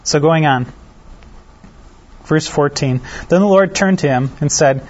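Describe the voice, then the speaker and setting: A man leading a casual Bible study, reading scripture aloud and then explaining it in a relaxed, self-deprecating way while asking the group questions. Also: fairly high pitch, measured pace, long pauses. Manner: asks the listeners questions. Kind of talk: conversational Bible teaching. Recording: dull lo-fi recording.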